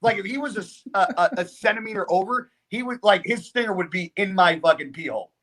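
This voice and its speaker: A man recounts a story in loose, casual podcast talk. His voice sits a little high, and he rambles, swears constantly and stays animated throughout. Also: fast talker. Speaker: podcast guest.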